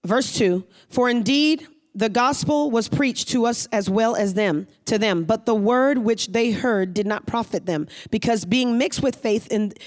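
Emphatic repeating pastor preaching. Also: mid-range voice. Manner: reads scripture aloud, pauses to explain. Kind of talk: sermon.

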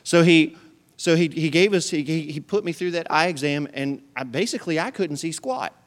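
A male pastor preaching a sermon to his congregation in an animated storytelling manner, with humor and acted-out voices. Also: a little high, moderate pace. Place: church service with a live congregation.

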